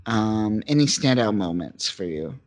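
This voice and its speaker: A man's voice: fairly low pitch, lively intonation, unhurried. A man hosting a podcast, chatting enthusiastically about comics, with many ums and uhs. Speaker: podcast host. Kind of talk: casual comic book review chat.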